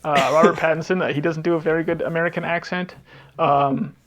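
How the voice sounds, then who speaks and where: A man's voice: a little high, steady tone, a little fast, fairly bright tone. A man co-hosting a casual podcast game, rambling and searching aloud for half-remembered titles. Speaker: podcast co-host.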